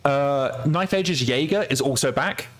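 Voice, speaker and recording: A man's voice: mid-range voice, measured pace, faint music behind. Man chatting loosely over a game. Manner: chatty, swears freely, laughs at his own mistakes. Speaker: game developer streaming a game. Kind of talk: casual let's-play commentary.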